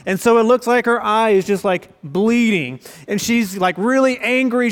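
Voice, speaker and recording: A man's voice: high-pitched, moderate pace, clean tone. A young man preaching a sermon as pastor, conversational and storytelling, with quoted asides. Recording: long reverb of a large hall.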